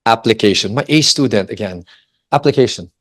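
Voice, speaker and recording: His voice is on the low side and a little fast as this family ministry speaker, a Filipino man in his forties, tells a personal story in a Christian family talk. He speaks with lively animation and frequently questions the audience.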